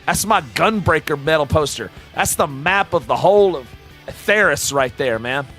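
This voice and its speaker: A man live-streaming, talking with chat in a loud, profane, hyped-up way and dropping into quieter, heartfelt asides between whoops. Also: fairly high pitch, lively intonation, moderate pace, soft background music. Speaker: live-streamer reacting to game announcements. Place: home streaming room with shelves of games.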